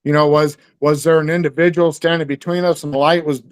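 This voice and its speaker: A man's voice: fairly high pitch, level tone, a little fast, clean tone, no room sound. A man telling a story in casual conversation, rambling, with many fillers and restarts. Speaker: guest.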